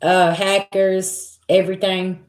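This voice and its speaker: A woman with a lowish voice and a Black hosts a spiritual livestream from home. She talks straight to her viewers, animated and direct, and keeps coming back to "listen" and "okay". The sound is roomy and echoey. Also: slow pace. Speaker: spiritual reader. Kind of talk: casual livestream chat.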